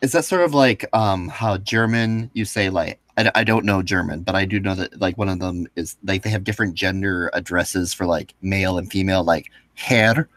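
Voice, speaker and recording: A man with a fairly low voice chats on a podcast, quick to react with exclamations. The sound is dry and close, with no room around it. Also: fairly bright tone, no echo. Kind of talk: casual podcast chat.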